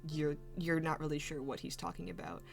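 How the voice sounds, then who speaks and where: A woman narrating as game master in a tabletop game, relaxed and full of fillers. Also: low voice, a little fast, vocal fry, soft background music. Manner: relaxed, filler-heavy narration, laughs often.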